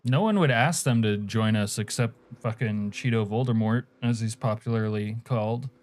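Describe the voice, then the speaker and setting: His voice is fairly low and darkish, at a normal speed, as this man from Alaska streams a game. He chats crudely with his audience, swearing, joking, answering chat and laughing frequently.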